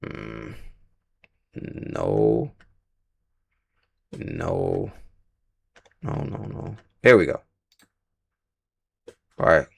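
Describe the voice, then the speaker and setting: A man's voice: a bass voice, big pitch swings, very slow, gravelly, long pauses, slightly rough. A man hosting a casual livestream reaction, rambling and slangy, swearing freely and stumbling over names. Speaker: livestream host reacting to casting news.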